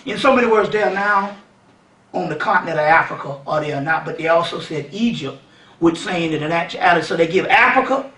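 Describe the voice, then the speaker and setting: A man giving a seminar-style lecture, animated and conversational, often checking that the audience follows. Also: on the high side, a little fast. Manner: animated, keeps asking "you see what I'm saying". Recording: roomy sound from a distant mic.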